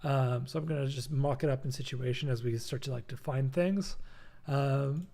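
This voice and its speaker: A man's voice: mid-range voice, moderate pace, warm tone. A young man hosting a casual live-streamed design tutorial from his apartment, talking loosely with many fillers and reading chat messages aloud. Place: home apartment.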